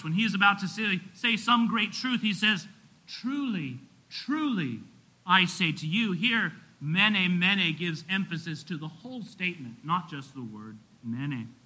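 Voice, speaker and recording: Bright-voiced preaching man. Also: poor audio. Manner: earnest preaching, rising loud for emphasis and dropping low. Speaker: pastor. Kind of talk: sermon.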